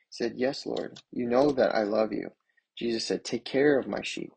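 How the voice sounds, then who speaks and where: A man's voice: mid-range voice, moderate pace, vocal fry, a little mellow, breathy edge, low-quality recording. A man preaching a sermon, reading scripture aloud and then explaining it in an earnest, plain way. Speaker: pastor.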